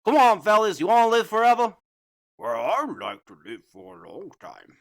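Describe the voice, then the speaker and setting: In a comedic fan dub, a man plays a rowdy Australian bushman out hunting rocks, putting on an Australian accent. His exaggerated voice sits high, above his natural register, with huge pitch swings at a normal speed. The delivery is blustery, exclaiming and jokey.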